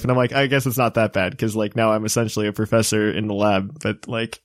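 A man's voice: fairly low pitch, fairly even intonation, a little fast, no room sound, clean studio sound. A man in his late twenties co-hosting a casual chat, rambling with lots of fillers and poking fun at himself. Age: 20s. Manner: rambling, filler-heavy, self-mocking.

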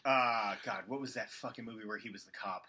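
A man reacting loudly and animatedly while playing a game with friends. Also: on the low side, fairly quick, a little hiss or hum. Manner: animated, exclaiming. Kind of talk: casual podcast game chat.

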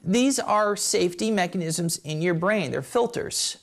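A man's voice: high-pitched, measured pace, vocal fry. A man teaching spiritual ideas to a live group in a blunt, joking way, with swearing and acted-out voices. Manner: animated, acting out voices in quotes. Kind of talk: live talk to a seated group.

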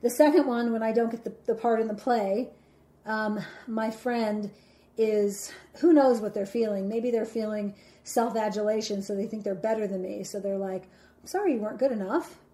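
A woman's voice: medium pitch, steady tone, moderate pace, dark tone. A woman giving an instructional talk, explaining step by step and acting out her examples with dramatic flair.

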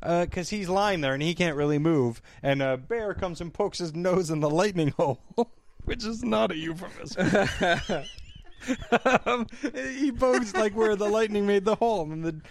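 A man's voice: high voice, unhurried, slight background noise. A man on a podcast, recapping a movie as a casual comedic chat, acting out the characters, laughing often and swearing.

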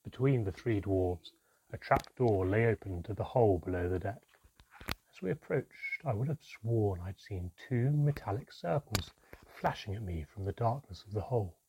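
A man narrating a fantasy story in the first person, measured and suspenseful, sometimes dropping to a whisper. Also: on the low side, expressive, warm tone, slight background noise. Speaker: audiobook narrator. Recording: dry, slightly dull audio.

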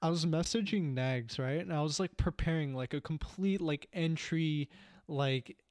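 A man's voice: a little high, normal speed, dry recording. Dry-sounding young man telling rambling stories. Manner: excitable, rambling storytelling. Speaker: tabletop game player. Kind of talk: casual chat.

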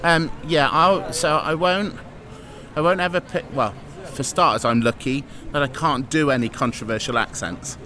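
A man's voice: a little high, normal speed, sharp tone, a little hiss or hum. A man with an East Midlands English accent, an improviser and presenter, talking openly and earnestly with some fillers. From Mansfield, England. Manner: open, earnest, explains with fillers. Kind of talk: casual interview talk.

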